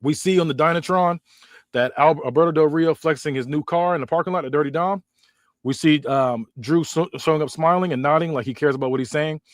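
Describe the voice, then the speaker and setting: Man podcast host, casual storytelling, restarts and corrections, slightly high voice, dry close sound. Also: dry recording. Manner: hurried, with frequent restarts and self-corrections.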